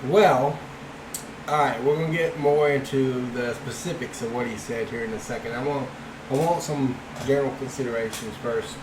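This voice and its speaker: A man's voice: mid-range voice, fairly even intonation. Man in casual commentary, echoey and noisy. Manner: halting, many fillers and restarts. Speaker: apologetics channel host.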